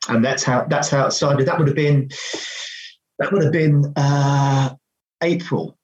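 A man, a radio DJ, telling a story about his career in a casual, animated way, acting out the quoted dialogue with lots of restarts. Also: medium pitch, unhurried, husky, muffled recording.

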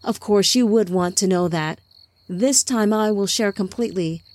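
Woman speaking as a calm, gentle divine lord. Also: medium pitch, no echo, close to an everyday voice. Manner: soft, measured, reassuring.

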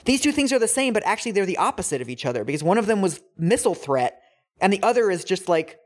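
Incredulous man with a lively voice. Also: high voice, quick pace. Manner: incredulous, swears, laughs often. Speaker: podcast co-host. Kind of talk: casual chat, reading excerpts aloud.

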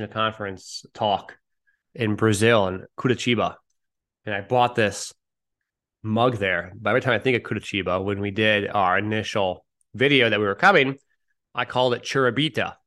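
A man's voice: fairly low pitch, normal speed, pushed and bright. Rambling, upbeat male podcast host. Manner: rambling, self-deprecating, upbeat. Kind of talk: casual solo podcast chat.

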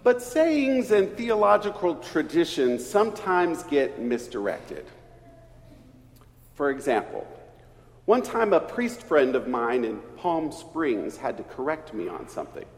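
Slow preacher, echoing church. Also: male voice, big pitch swings. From East Texas. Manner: slow, storytelling delivery with wide swings in pitch and volume. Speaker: pastor. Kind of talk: sermon. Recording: reverberant church hall.

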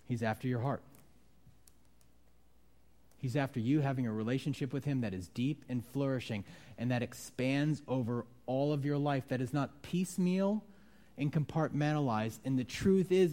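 A man preaching a sermon in a mellow, warm voice. He talks to the congregation conversationally and breaks into sudden loud, high outbursts when he acts out voices. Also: normal speed. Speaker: pastor.

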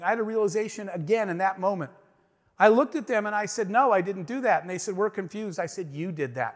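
A man with a high voice gives a motivational talk to a crowd. He tells a story with emphasis and acts out each line of dialogue. The sound rings with the long reverb of a big hall. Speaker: business owner giving a speech.

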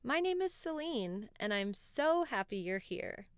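A woman narrates a children's storybook in a gentle, warm way. Her higher voice rises and falls in a lively, lilting line at a slow, easy pace. The recording is close and dry. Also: smooth, dry recording. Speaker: podcast host and storyteller.

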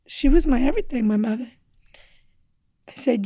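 A woman guest on a podcast telling a personal story with earnest feeling, sometimes dropping to a hushed near-whisper. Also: on the high side, expressive, moderate pace, pauses often, no room sound. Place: indoor studio table.

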